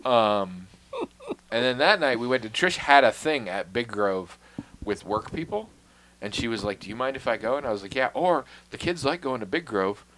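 A man's voice: mid-range voice, expressive, normal speed, fairly bright tone. A man in casual conversation, telling a long story in a wry, self-deprecating way, swearing freely and dropping to a mutter on asides.

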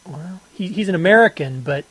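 A man co-hosting a podcast in casual chat, rambling and halting, often laughing. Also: high voice, lively intonation, a bit bright, slightly rough, no echo, low-quality recording. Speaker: podcast co-host.

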